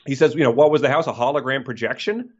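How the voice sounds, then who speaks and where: Man, podcast co-host, casual, rambling, jokey, laughs a lot, medium pitch, slightly muffled audio. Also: quick pace, breathy edge. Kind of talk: casual book-discussion podcast.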